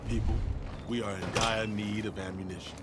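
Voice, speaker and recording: A man's voice: lowish voice, flat delivery, fairly quick, a bit bright, a little hiss or hum, natural voice. An actor playing a wary male survivor in a zombie video game, speaking in a matter-of-fact way.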